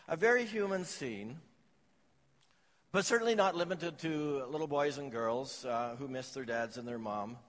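A man's voice: medium pitch, moderate pace, long reverb tail. A man preaching a sermon, telling stories and jokes to his congregation. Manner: storytelling with jokes and anecdotes. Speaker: pastor.

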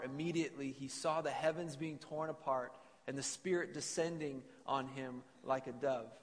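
Man preaching in an echoing hall. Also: on the high side. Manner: earnest preaching with scripture readings. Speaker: pastor. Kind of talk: sermon. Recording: long reverb of a church hall.

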